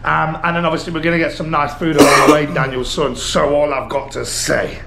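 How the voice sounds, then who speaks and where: A British man talks into a handheld camera on a busy street, his voice sitting high as he chats and rambles with an easy laugh. Loud traffic and city noise press in behind him. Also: little pitch movement, fairly quick, vocal fry. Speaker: travel vlogger. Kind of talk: casual vlog narration.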